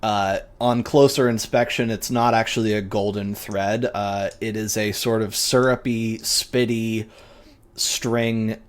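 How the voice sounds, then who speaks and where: A man's voice: lowish voice, steady tone, slow. A man narrating as game master, casual and vivid, with frequent swearing and fillers.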